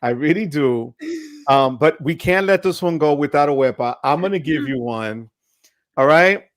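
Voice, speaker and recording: A man's voice: a little high, animated, normal speed. A man in his fifties hosting a casual livestream chat, playful and teasing, dropping Spanish words into his talk. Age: 50s. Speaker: host.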